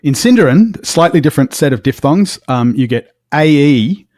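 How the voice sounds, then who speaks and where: A man's voice: fairly high pitch, lively intonation, moderate pace, darkish tone, dry recording, clean studio sound. Man carefully explaining sounds on a podcast. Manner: careful, explains pronunciation step by step. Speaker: podcast co-host. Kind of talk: casual podcast discussion.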